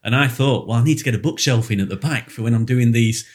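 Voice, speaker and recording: A business coach hosting a podcast, telling anecdotes in a casual chat over a video call from a small spare room. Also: male voice, mid-range voice, quick pace.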